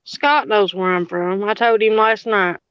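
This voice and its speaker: A woman's voice: mid-range voice, fairly even intonation, measured pace, clear, resonant tone, no echo, lo-fi sound. A woman from Virginia with a Southern accent, chatting bluntly and teasingly as a guest on a live stream. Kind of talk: casual live-stream chat.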